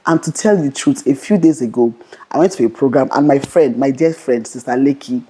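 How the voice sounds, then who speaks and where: A young adult woman vlogger giving a fast, bold motivational Christian talk to camera, often repeating "okay". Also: very deep voice, warm tone, breathy edge.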